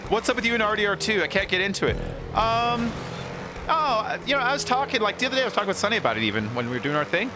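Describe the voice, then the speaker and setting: A man's voice: high voice, very animated, racing, background noise. A man streaming a racing game, chatting casually, rambling and laughing as he reads chat aloud.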